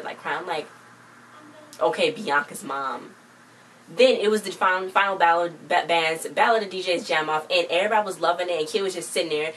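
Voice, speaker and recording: Young woman vlogger rambling thru a show recap, kinda low voice, mic a bit far off w faint hiss. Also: a bit bright. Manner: rambling, quotes characters in quick succession. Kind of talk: casual chat recap. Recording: distant mic with faint background noise.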